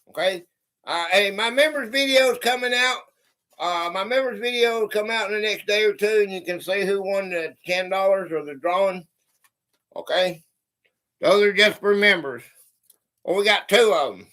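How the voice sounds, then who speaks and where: High, bright-voiced man hosting a live stream. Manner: chatty, greets viewers by name and reads out fortunes. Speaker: livestream host. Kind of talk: casual livestream chat.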